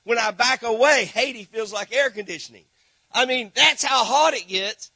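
A middle-aged man from Texas, preaching a sermon as a missionary, telling stories animatedly and swinging from hushed asides to shouting. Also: extremely high pitch, moderate pace, slightly rough, dry recording.

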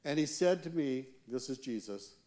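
A man, a church elder, preaching a sermon with earnest, slow, emphatic pauses. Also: mid-range voice, animated, dark tone.

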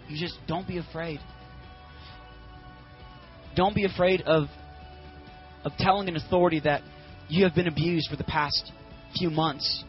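High-voiced guy preaching casually, muffled recording. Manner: casual, animated, talks to the congregation directly. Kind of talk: casual energetic sermon.

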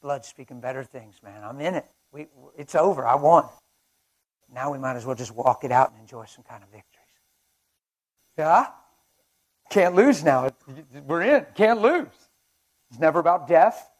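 Fiery high-voiced male preacher. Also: lively intonation, normal speed, long pauses. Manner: impassioned, swinging between shouts and hushed asides; laughs and chats with the audience. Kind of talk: fervent sermon. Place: men's breakfast at a conference.

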